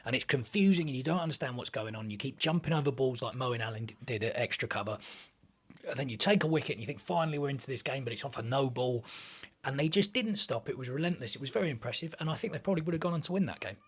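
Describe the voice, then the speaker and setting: A man's voice: mid-range voice, expressive, quick pace, husky. A man co-hosting a comic cricket chat, joking in mock-patriotic banter and slipping into voices. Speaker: cricket podcast co-host.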